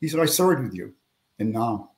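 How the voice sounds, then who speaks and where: Older man telling animated war stories. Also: medium pitch, normal speed. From Pennsylvania, USA. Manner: animated anecdotes with raised voices for quoted people. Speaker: guest, veteran and retired police officer. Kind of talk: storytelling in a podcast interview.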